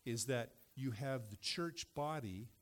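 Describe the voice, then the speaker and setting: A man's voice: medium pitch, a little slow. A middle-aged man, a pastor, preaching a sermon in a loose, conversational way and reading Scripture aloud.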